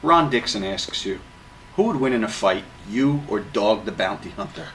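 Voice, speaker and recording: A man's voice: on the low side, expressive, moderate pace, gravelly, fairly bright tone. A man interviewing a guest, reading out fan questions and dropping in short, wry interjections.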